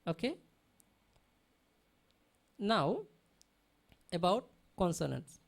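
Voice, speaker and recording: Woman, language teacher, classroom lesson, pronunciation drills, frequent comprehension checks, unhurried pace. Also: fairly low pitch, very animated, gravelly. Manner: drills pronunciation by repeating words, often checks understanding. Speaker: Pali teacher.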